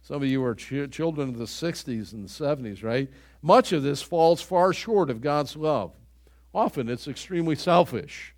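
A man's voice: medium pitch, expressive, moderate pace. An older man preaching a sermon to his church in an earnest, conversational way, often restarting his phrases. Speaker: pastor.

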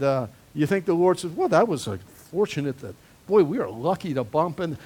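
A male pastor preaching a sermon, conversational with emphatic swells on key phrases. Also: high voice.

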